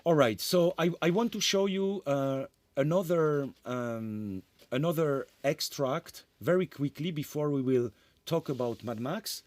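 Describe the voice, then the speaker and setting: A man giving a conference lecture as a composer, talking in an animated way, often tagging sentences with "eh?" and restarting phrases. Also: a little high, measured pace, no room sound. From France. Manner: animated, tag questions "eh?", frequent restarts.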